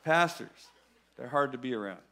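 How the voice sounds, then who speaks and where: A man preaching a sermon in a church, animated and playful, with emphatic, sudden loud bursts. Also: medium pitch, normal speed, a loud crowd, very noisy. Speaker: guest preacher.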